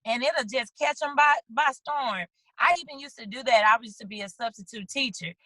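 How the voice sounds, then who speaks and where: Bright-voiced woman on a video call. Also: on the high side, normal speed, no room sound, low-quality recording. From St. Louis, USA. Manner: animated storytelling, acts out little quoted lines. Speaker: guest, children's book author. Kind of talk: casual video-call interview.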